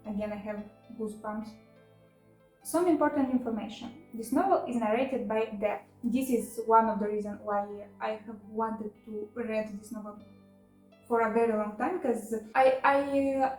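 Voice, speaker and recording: A woman's voice: on the high side, a little mellow, reverberant, poor audio. Chatty emotional book vlogger woman. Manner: chatty and emotional, frequent laughs and fillers. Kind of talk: casual book haul chat.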